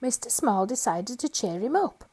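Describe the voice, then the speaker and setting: A woman storyteller reading a children's picture book aloud, gentle and expressive. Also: on the high side, normal speed, breathy edge.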